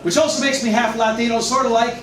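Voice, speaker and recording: A man doing a stand-up comedy set in a restaurant, with self-deprecating, animated delivery. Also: very high voice, fast talker, a crowd in the background. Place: restaurant, indoors. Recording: echoey room, distant mic, noisy.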